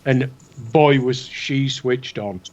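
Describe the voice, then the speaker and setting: A man's voice: medium pitch, slow, a little mellow. A man co-hosting a casual chat show, rambling and chatty with plenty of fillers. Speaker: co-host. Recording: dull lo-fi online call audio.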